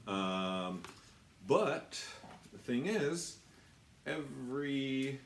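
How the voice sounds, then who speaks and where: A man's voice: mid-range voice, lively intonation, very slow, echoey room, a little hiss or hum. A man from the United States, a tattoo artist, rambling and swearing as he shows supplies in his shop. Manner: rambling, self-deprecating, swears a lot. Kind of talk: casual product walkthrough.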